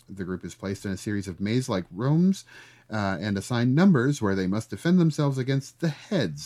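A man in a casual movie podcast chat, recapping the plot with sarcastic asides. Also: mid-range voice. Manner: animated, sarcastic, recaps plots. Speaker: podcast co-host.

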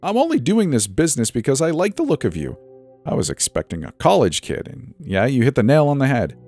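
A man's voice: wildly swooping pitch, fairly quick, mellow, husky, faint music behind, exaggerated voice. A man voicing a creepy sing-song teen boy. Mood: mocking. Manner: sing-song, mocking, low murmur. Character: creepy grinning teenage boy selling superpowers.

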